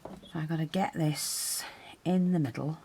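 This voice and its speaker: A woman's voice: sits low, measured pace, mellow, a little hiss or hum. A woman teaching a hands-on craft tutorial, chatting and explaining as she works, her breathing audible while she concentrates.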